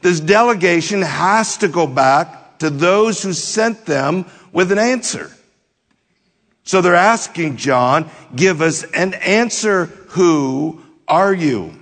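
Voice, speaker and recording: Slow-spoken preacher in an echoing hall. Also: male voice, lively intonation, a bit bright. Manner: slow, deliberate verse-by-verse teaching, dropping low at phrase ends. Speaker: pastor. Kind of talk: expository sermon. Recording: long hall reverb.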